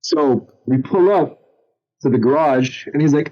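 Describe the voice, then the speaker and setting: A young man talks through a personal story in a loose, candid way, voice mellow and a little dark. His recording sounds slightly dull and lo-fi. He jumps up in pitch whenever he imitates other people. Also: brisk. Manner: candid storytelling, acts out quotes in raised voices. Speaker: podcast guest. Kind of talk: casual chat.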